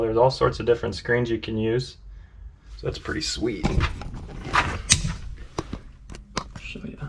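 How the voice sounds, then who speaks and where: A man's voice: medium pitch, gravelly, breathy edge. A man casually narrating his truck build in a garage, rambling with lots of fillers and upbeat asides. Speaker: car build vlogger.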